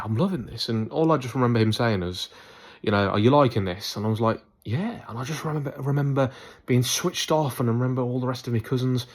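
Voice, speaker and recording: A young man telling a rambling, chatty story to his viewers in a casual vlog. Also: lowish voice. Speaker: YouTuber.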